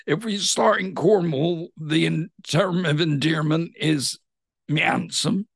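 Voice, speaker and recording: In a studio-quality recording with no room sound, a middle-aged West Country Englishman talks at a measured pace, his fairly high voice touched with vocal fry. This pantomime actor is being interviewed casually and comes across chatty and keen, spinning lively stories.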